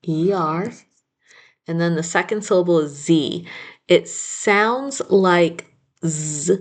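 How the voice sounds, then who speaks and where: Woman, phonics teacher, slow patient delivery, lowish voice, sounds words out. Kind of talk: phonics spelling lesson.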